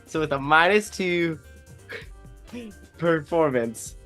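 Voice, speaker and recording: Tabletop player, very slow speech, self-mocking, faint music behind. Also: medium pitch, fairly bright tone. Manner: laughing, self-deprecating. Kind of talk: casual tabletop play.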